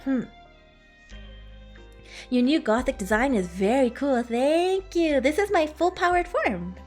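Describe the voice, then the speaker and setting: Woman streamer, bright high voice, lively swoops, giggly, faint music underneath. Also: a little slow. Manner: playful, giggly, animated. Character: playful dragon streamer persona. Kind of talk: casual livestream chat with viewers.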